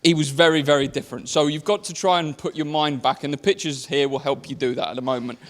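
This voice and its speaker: A man giving a joking best man's speech at a wedding reception, brisk and apologetic. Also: fairly high pitch, steady tone. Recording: long hall reverb with faint noise.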